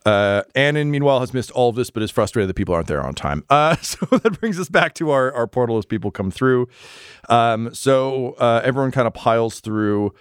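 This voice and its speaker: Мужчина ведёт настольную игру, говорит непринуждённо и с паузами, голос гладкий, звучит сухо. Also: male voice, mid-range voice, animated, fairly quick, smooth, no echo, studio quality. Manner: casual, swearing, many fillers. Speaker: game master. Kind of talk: narrating a tabletop game.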